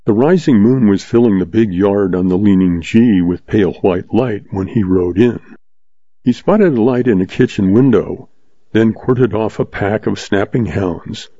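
Male audiobook narrator, steady western read, low and warm, dry lo-fi sound. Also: unhurried, no echo. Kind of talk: scripted narration of a western novel. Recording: dull lo-fi dry recording.

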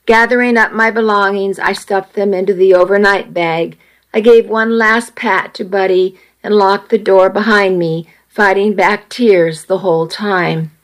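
Slow, earnest woman reading a story. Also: mid-range voice, low-quality recording. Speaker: narrator. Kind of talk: first-person story reading.

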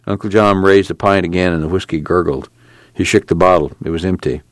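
Deep-voiced man reading a novel. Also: fairly quick, no room sound. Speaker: audiobook narrator. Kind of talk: scripted narration with acted dialogue.

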